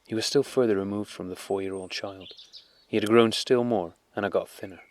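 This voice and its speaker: A man narrating a classic novel as an audiobook in a measured, calm, unhurried way. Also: fairly low pitch, slight background noise.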